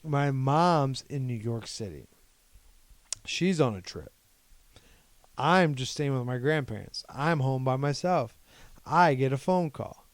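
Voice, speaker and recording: A young man from Ohio takes it slowly as he co-hosts a podcast, pausing often in a long, rambling personal story where he quotes what people told him. His voice is medium-pitched with lively intonation. The recording is dry.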